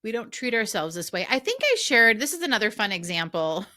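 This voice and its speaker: A middle-aged woman life coach and podcast host, talking casually with chatty asides in a warm coaching tone. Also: medium pitch, sing-song, fairly quick. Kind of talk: casual solo podcast talk.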